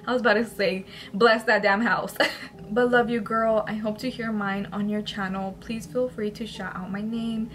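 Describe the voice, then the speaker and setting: A woman YouTuber reading viewer-sent paranormal stories aloud, breaking off into emotional, chatty asides with tearful laughter. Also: medium pitch. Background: soft background music.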